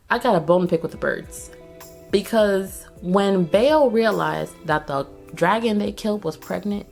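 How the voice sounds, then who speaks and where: A woman hosting a casual movie recap, telling the story in a profane, slangy, animated way. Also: a little high. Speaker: host.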